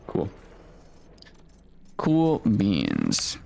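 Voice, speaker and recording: A man giving relaxed, unbothered commentary while playing a video game. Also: lowish voice, a little slow. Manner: laid-back, unbothered remarks while playing. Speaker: gaming channel host. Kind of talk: casual gameplay commentary.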